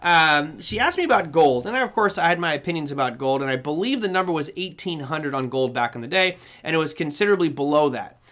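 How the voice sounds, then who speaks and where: A man's voice: fairly high pitch, lively intonation, fast, hardly any pauses, a bit bright. A man hosting a live trading show, giving rambling market commentary, correcting himself often and acting out the voices he quotes.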